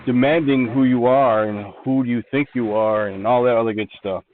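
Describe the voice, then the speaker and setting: A man's voice: mid-range voice, steady tone, moderate pace, slight background noise. A man running a tabletop game as game master, explaining the rules with patient restarts. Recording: tinny phone-like call audio.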